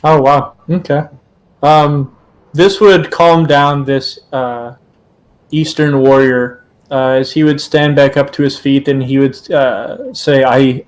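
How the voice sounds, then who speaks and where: A man's voice: mid-range voice, fairly even intonation, slow, poor audio. A man narrating a tabletop game as game master, hesitant with many fillers.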